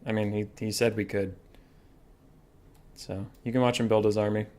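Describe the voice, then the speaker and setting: A man chatting casually on a livestream as a game streamer and caster, relaxed and reacting to his chat. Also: lowish voice, moderate pace.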